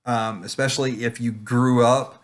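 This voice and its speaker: A man's voice: medium pitch, steady tone, normal speed. Rambling man talking puppet ministry. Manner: rambling, many ums and restarts. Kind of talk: casual conference talk. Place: home online presentation.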